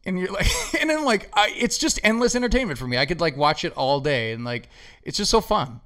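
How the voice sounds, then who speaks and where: A man hosting a podcast, telling stories in casual chat, swearing a lot and acting out quotes loudly. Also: high voice, big pitch swings, brisk. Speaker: podcast host.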